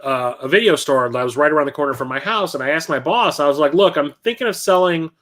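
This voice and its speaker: A middle-aged man hosting a livestream tells a rambling anecdote in a fast voice on the high side, acting out the people in it with animated quoted voices. It's casual storytelling.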